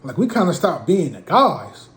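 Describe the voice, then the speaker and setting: A man from Portland telling a comic story in an animated, slangy way. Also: fairly high pitch, normal speed. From Portland, USA. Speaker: comedic storyteller. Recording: roomy with faint ambience.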